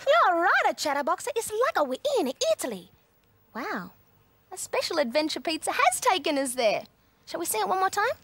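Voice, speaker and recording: A woman's voice: extremely high pitch, very animated, moderate pace, a bit bright, no echo. A woman hosting a children's show in a cheerful, encouraging, sing-song manner. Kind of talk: children's TV presenting.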